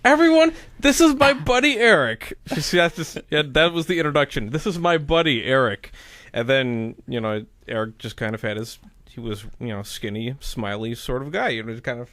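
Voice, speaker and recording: A man in casual chat, telling rambling anecdotes in an animated way, with lots of fillers. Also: medium pitch, moderate pace, no echo.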